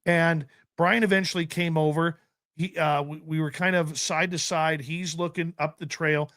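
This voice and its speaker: A man hosting a radio talk show, chatting casually and joking with an easygoing, drawn-out delivery. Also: fairly high pitch, fairly even intonation, a bit bright, no room sound, clean studio sound. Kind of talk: casual radio interview chat.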